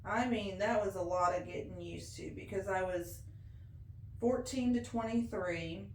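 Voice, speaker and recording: A woman's voice: mid-range voice, a little mellow, slight background noise. A woman in her forties with a blended Appalachian and Ozark accent, speaking in a homey, folksy way in an oral history interview. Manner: slow, homey and folksy with laughs. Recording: roomy echo.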